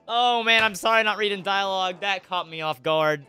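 A young man commentating his own game playthrough, excitable and emotional, swinging into loud frustrated outbursts. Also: high voice, normal speed, few pauses, clean tone, no echo, faint music behind. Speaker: gaming YouTuber. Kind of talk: Let's Play commentary. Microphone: webcam setup with headset or desk mic.

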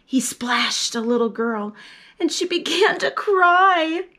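A woman storyteller reading a picture book aloud to young children, bright with expression and acting out the characters as she goes. Her voice sits a little high. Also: slow pace. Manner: lively and expressive, teaching a hand sign and acting out the story's characters.

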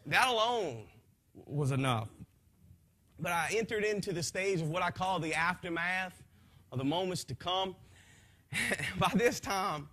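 A high, bright-voiced man tells his testimony in church. His voice is husky, and his delivery swings from quiet to shouting. He repeats phrases and talks in a folksy way. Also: lively intonation, measured pace, long pauses. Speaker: speaker giving a testimony.

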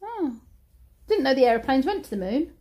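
A woman who works as a childminder, telling stories and chatting playfully with small children in an animated voice. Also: a little fast. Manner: animated, playful, high-pitched talk to toddlers. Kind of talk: storytelling and chat with small children. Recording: roomy room, from the mic.

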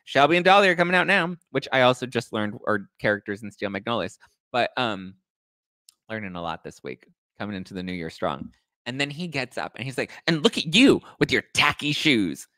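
A young man hosting a casual gossip show, telling stories in a campy, animated way and swearing freely. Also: a little fast, no room sound. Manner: animated, campy, swears freely, acts out quoted people in high voices. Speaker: host.

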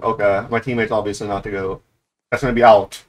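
A man giving live gameplay commentary, excitable and trash-talking, who swears a lot, rants about the game and breaks into sudden high yelps. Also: fast, slight background noise. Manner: grumbling, ranting complaints. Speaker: gaming YouTuber.

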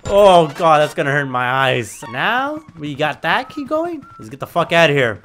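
A young man giving excitable, trash-talking commentary while playing a video game. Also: fairly high pitch, normal speed, slight background noise. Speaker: gaming video creator. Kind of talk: gameplay commentary.

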